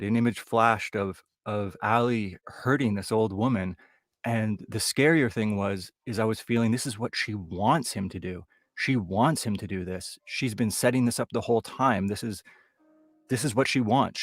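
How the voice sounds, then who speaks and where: Brief: comedian, male, from Toronto, lowish voice, conversational ghost-story telling. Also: normal speed, no echo, clean studio sound. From Toronto area, Canada. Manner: conversational, loose, building suspense. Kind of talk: live comic storytelling.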